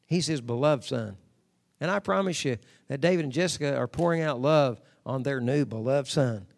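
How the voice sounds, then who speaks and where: A man preaching a sermon, calling for amens and repeating phrases for emphasis, moving from low, intimate passages to loud shouted declarations. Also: moderate pace, gravelly. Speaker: pastor.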